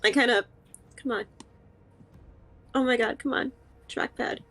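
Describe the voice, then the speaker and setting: A woman plays a character in a tabletop game, talking casually and giggling often. Her voice sits high, and she apologises easily. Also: fairly even intonation, measured pace, bright, forceful tone. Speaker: player.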